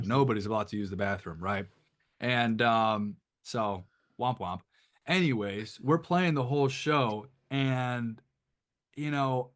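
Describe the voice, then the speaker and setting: Rambling storyteller man from Detroit. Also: mid-range voice. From Detroit, USA. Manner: rambling, animated, frequent restarts. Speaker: band member guest. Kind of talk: casual storytelling anecdote.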